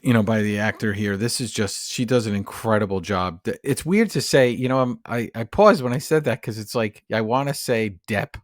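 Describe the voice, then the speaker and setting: A man's voice: lowish voice, normal speed, hardly any pauses, dry recording, clean studio sound. A man co-hosting a podcast, chatting casually and enthusiastically about a movie. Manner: enthusiastic, rambling with fillers. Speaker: podcast co-host. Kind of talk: casual film discussion.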